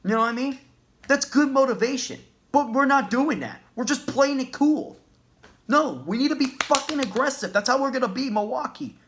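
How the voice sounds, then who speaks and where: A man's voice: very high-pitched, normal speed, a bit bright, a little hiss or hum. A man ranting as a basketball fan in a vlog, agitated, profane and repeating himself. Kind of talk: sports rant vlog.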